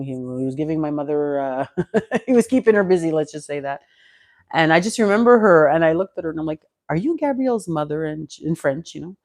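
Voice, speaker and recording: Speaking in a low, slightly mellow voice with no room sound, a Canadian woman of fifty chats casually in a home vlog. She rambles and restarts often, sitting close to a clip-on mic.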